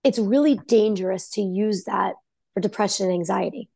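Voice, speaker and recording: A woman's voice: medium pitch, normal speed, gravelly, dark tone, no echo, studio quality. A woman psychologist guesting on a podcast, explaining earnestly and emphatically in casual talk, her voice still touched by a recent cold. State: post-cold voice.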